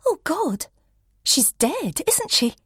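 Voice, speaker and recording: Woman doing a sharp, high-voiced young student. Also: big pitch swings, slow pace, no room sound, clean studio sound, heavily acted. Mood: shocked.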